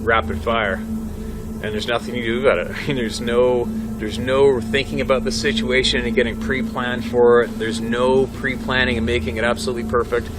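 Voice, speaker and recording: A man's voice: mid-range voice, little pitch movement, normal speed, heavy background noise. A middle-aged man, a hunting guide, telling a story vividly and laughing between lines. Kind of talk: animated storytelling. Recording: music playing under the voice.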